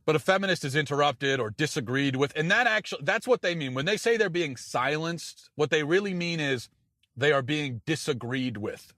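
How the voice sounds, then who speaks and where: A man's voice: a little high, animated, moderate pace, a bit bright, dry recording, studio quality. A man delivering a sarcastic, incredulous opinion monologue, often stumbling and restarting as he talks. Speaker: political commentator.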